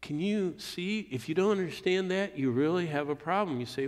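A man preaching a sermon verse by verse, building to emphatic peaks and dropping low and quiet for weight. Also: expressive, normal speed, hardly any pauses. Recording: hall reverb.

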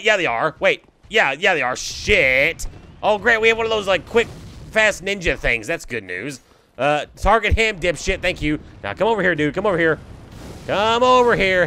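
A young man giving excitable, swearing let's play commentary while he fights through a game. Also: high voice. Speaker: gameplay commentator.

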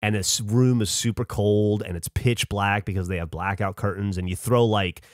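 A man's voice: lowish voice, fairly even intonation, normal speed, no room sound, studio quality. A man in his late forties from Alabama, a podcast co-host telling a long story in a casual, profane, laid-back way.

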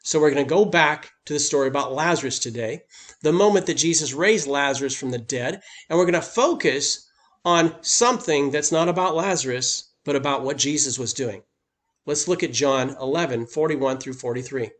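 A man's voice: a little high, moderate pace, a bit bright. A man preaching a sermon as pastor, speaking emphatically and lifting his voice on key points.

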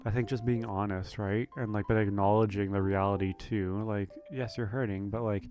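A man's voice: lowish voice, fairly even intonation, moderate pace, few pauses, dark tone, soft background music. A man casually commenting on his own farming game playthrough, chatty and rambling with lots of fillers. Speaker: gaming video creator. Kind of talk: relaxed let's play commentary.

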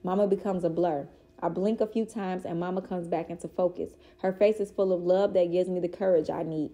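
Female reader, children's book read-aloud, mellow and warm, steady and expressive. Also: lowish voice, fairly quick.

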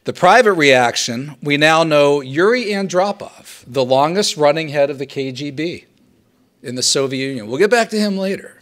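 Animated male professor lecturing students. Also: a little high, normal speed. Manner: animated storytelling, acts out quotes. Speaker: political science professor. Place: live talk to a student audience.

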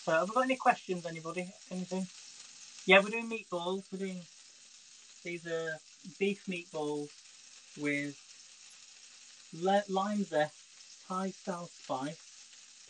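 A man's voice: high voice, unhurried, long pauses, bright, forceful tone, a little hiss or hum, rough recording. A man hosting a casual live cooking stream from his home kitchen, chatting straight to his viewers. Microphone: phone. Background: frying sizzle.

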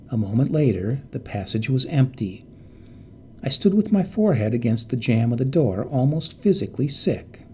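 A man narrating a ghost story in an expressive, dramatic reading voice. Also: mid-range voice, slight background noise.

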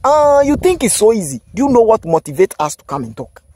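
A man's voice: high-pitched, very animated, a little fast, mellow, breathy edge. A man, a self-styled prophet, scolding his listeners and firing off repeated rhetorical questions. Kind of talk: scolding spiritual monologue.

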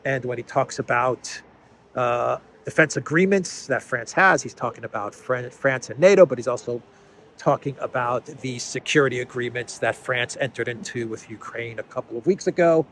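A man's voice: medium pitch, moderate pace, a bit bright, a little hiss or hum. A man hosting a casual political commentary show, talking in a conversational way, repeating words as he thinks and adding sardonic asides.

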